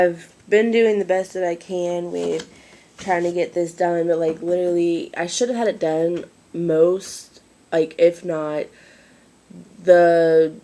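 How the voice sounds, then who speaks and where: A woman's voice: lowish voice, warm tone. A woman, out of breath and wheezing, rambling apologetically in a casual home vlog. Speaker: mother vlogging. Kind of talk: casual chat to camera.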